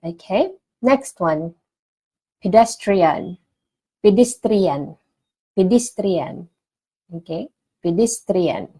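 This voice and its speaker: Woman, language teacher, low voice, slow careful repetition for learners. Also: expressive, warm tone, low-quality recording. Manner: repeats each word slowly and clearly for learners. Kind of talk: casual online language lesson.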